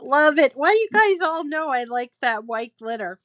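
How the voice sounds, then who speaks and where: A woman's voice: high voice, very animated, normal speed, a bit bright, no echo. A woman hosting a crafting channel, chatting casually and gushing as she reads holiday cards from viewers aloud at home. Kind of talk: casual chat reading viewer mail.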